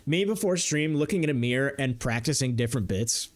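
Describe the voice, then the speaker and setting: A man's voice: medium pitch, lively intonation, a little fast. A young man streaming a game, riffing jokes to his chat and laughing often. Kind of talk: casual livestream banter while gaming.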